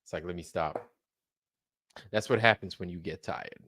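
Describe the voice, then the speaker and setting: A man's voice: low voice, normal speed, fairly bright tone, dry recording, clean studio sound. A man hosting a livestream, chatting casually with joking, profane banter. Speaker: livestream host. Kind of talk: casual chat.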